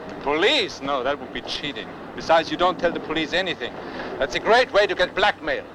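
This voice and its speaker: An actor playing a middle-aged industrialist in a film drama, mocking and irreverent, snapping orders in between jokes. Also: male voice, fairly high pitch, animated, fairly quick, background noise, close to an everyday voice. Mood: sardonic. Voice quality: wry and mocking, abruptly commanding. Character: sardonic, irreverent, paranoid rich old man. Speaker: rich industrialist.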